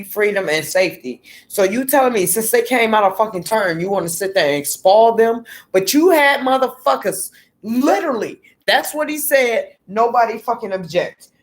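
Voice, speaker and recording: A woman giving a heated, profane rant on politics, repeating words for emphasis. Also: medium pitch. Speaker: political commentator. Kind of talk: ranting political commentary.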